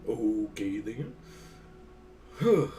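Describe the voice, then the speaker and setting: A man's voice: fairly low pitch, big pitch swings, extremely slow, distant mic, background noise. A man narrating as game master in casual, profane, joking chat.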